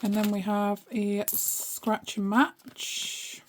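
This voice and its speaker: A woman's voice: mid-range voice, level tone, very slow, slight background noise. A woman chatting casually to herself as she sorts cash at her home desk. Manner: chatty, talks to herself while sorting money. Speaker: budgeting vlogger. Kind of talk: casual chat while cash stuffing.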